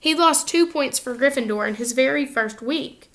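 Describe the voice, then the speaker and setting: A woman narrating a children's novel aloud in an expressive, lively reading style. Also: high voice, moderate pace. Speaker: audiobook reader. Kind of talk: storybook narration.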